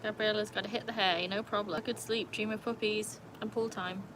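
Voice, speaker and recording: A young woman hosting a casual live stream by a pool at night. She chats, laughs often and calls to her dogs in a high sing-song voice. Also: steady tone, brisk, background noise. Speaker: livestream host. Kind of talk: casual live-stream chat reading comments.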